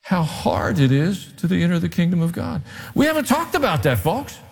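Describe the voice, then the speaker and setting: A man preaching a sermon, telling the story with animated delivery, sudden pitch swings and dramatic pauses. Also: creaky. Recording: long hall reverb.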